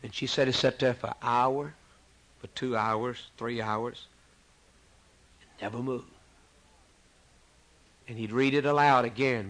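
Slow dramatic preacher man. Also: medium pitch, fairly even intonation, poor audio. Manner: slow, dramatic preaching with sudden loud rises and hushed drops. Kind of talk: sermon.

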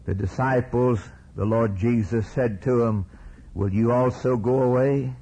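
A man preaching a sermon with passion, swinging from hushed lines to soaring cries. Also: mid-range voice, steady tone, unhurried, husky, muffled recording.

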